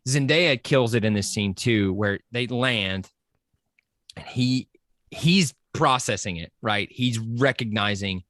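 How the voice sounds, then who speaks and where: A man chatting excitedly on a podcast, full of enthusiasm and rushing from point to point with many fillers. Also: mid-range voice, no echo, studio quality. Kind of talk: casual podcast chat.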